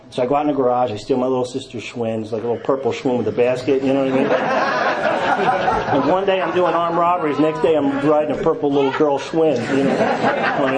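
A man telling his recovery story with self-mocking humor, acting out what others said to him. His voice sits at an ordinary middle pitch. A crowd is clearly heard around him and laughs along. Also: fast talker, low-quality recording. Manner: storytelling, acts out quotes, self-mocking humor, trails to low quiet tones. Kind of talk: personal testimony talk to an audience.

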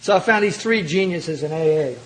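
Telling his own recovery story to a meeting, this man keeps it funny and acts out what the people in it said. His voice sits on the high side and moves a little fast, with slight noise in the background.

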